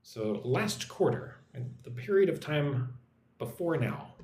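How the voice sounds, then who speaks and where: A man teaches English on a live stream, slowly sounding out words for learners. His voice sits a little high and swings widely in pitch. He is heard in an echoey room with a faint hum behind him. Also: animated, darkish tone. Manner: models pronunciation slowly, reads chat comments aloud.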